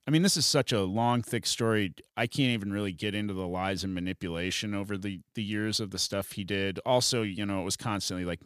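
A comedian telling a profane, animated story in a casual podcast chat. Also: male voice, lowish voice, fairly quick, few pauses, smooth, no room sound, clean studio sound.

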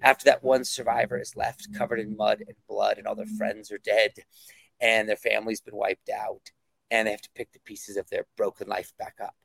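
Gravelly-voiced man, enthusiastic comic writer. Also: lowish voice, level tone, normal speed, fairly bright tone, no echo. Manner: enthusiastic, rambling with many fillers. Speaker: guest comic book writer. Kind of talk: casual interview talk.

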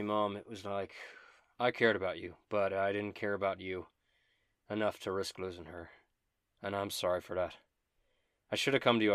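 Brief: gruff, rough-spoken warrior ally, low voice, dry sound, played by a game master. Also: male voice, a bit bright, no room sound, lightly acted. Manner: rough, apologetic, swearing. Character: gruff, remorseful male warrior companion.

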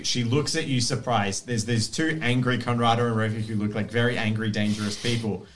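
A man narrating a tabletop game as game master, chatty and playful, quick to laugh. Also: mid-range voice, steady tone, slight background noise.

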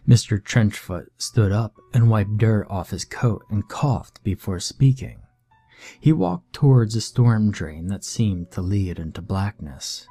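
A man calmly narrating a first-person horror story in a measured, scripted way. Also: lowish voice, husky, faint music behind.

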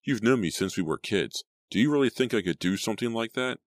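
A defensive teenage boy in a spoken thriller audiobook, snapping back with sarcasm and heat, as a man puts him on in his own low register. The voice is very deep and the sound dry and close. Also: animated, fairly quick, no echo. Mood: bitter.

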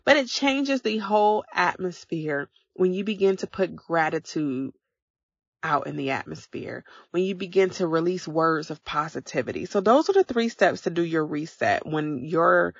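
A woman's voice: lowish voice, lively intonation, normal speed, husky, no echo, dull audio. A woman hosting a motivational podcast, talking casually and encouraging her listeners step by step. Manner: encouraging, coaching listeners directly. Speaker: podcast host.

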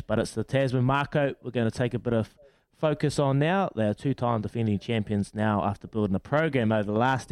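A man with a New Zealand accent hosting sports radio in a relaxed, matey way, chatting and laughing easily. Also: medium pitch, smooth, no room sound. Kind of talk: casual sports radio chat. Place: radio studio. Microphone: studio mic.

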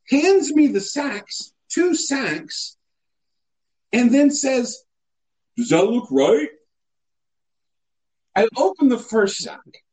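A man telling a comic story in a casual chat, animated and mock-indignant. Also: sits high, low-quality recording.

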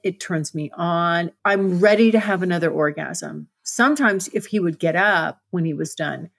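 A woman's voice: on the low side, no echo. A woman hosting a podcast, telling a candid personal story in a frank, breathless way with many restarts. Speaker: podcast host.

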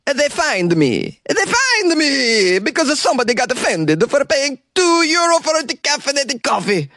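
A man voicing an excitable, indignant coffee bar owner, shrill and theatrical. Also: moderate pace, dry recording, clean studio sound, heavily acted.

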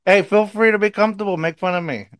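A man with a Mexican accent hosting a podcast in casual chat, excitable and rambling, laughing often and restarting sentences. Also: high-pitched, quick pace, clear, resonant tone, dry recording, clean studio sound. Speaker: podcast host.

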